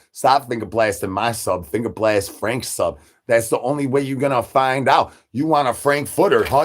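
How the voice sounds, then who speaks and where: A man livestreaming, rambling crude jokes and talking straight to his chat in a repetitive, joking way. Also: mid-range voice. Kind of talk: rambling crude stream banter.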